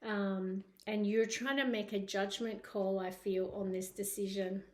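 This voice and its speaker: A woman's voice: medium pitch, fairly even intonation, measured pace. Chatty Scottish woman reading tarot. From Scotland. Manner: chatty, tag questions, frequent fillers. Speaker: tarot reader. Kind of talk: casual tarot reading to camera.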